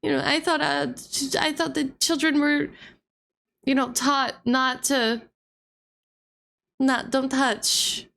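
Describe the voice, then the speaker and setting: A woman's voice: high-pitched, flat delivery, slow, gravelly, pauses often, a bit bright. A woman streamer chatting casually and giggling while she reacts to a gaming video.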